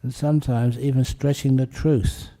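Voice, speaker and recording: A man giving a Buddhist dharma talk, explaining with gentle humour and telling a story to make his point. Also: mid-range voice, fairly even intonation, moderate pace. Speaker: Buddhist teacher.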